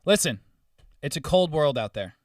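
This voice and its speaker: A young man on a podcast, telling stories in a casual, animated way, swearing and acting out customers in raised voices. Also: on the high side, moderate pace, no room sound, clean studio sound, distant mic. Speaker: podcast co-host. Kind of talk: casual storytelling chat.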